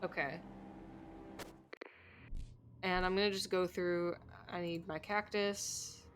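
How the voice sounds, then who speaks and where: A woman's voice: fairly low pitch, fairly even intonation, slow, slight background noise. Chatty young woman streaming a game. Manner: chatty, rambling, easily moved. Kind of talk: casual live game commentary.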